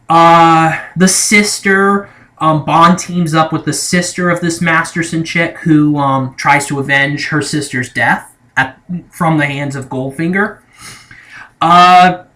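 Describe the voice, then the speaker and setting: A man's voice: fairly high pitch, bright, forceful tone. A young man talking casually as a movie reviewer, rambling and hesitant, often correcting himself mid-sentence. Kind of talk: casual spoken movie ranking.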